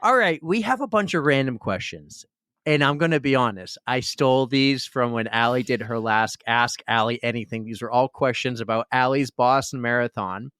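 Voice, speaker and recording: A man co-hosting a podcast in casual chat, playful and excitable with exclamations. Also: medium pitch, normal speed, smooth, no room sound, studio quality. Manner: playful, animated, says "dude" and "oh my God". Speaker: podcast co-host.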